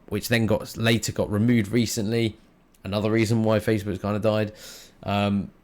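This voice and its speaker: A man talks on his solo podcast in a low voice. He rambles in a casual, candid way, full of fillers and with the odd curse thrown in. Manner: rambling, frank, swears casually. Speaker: podcast host and streamer.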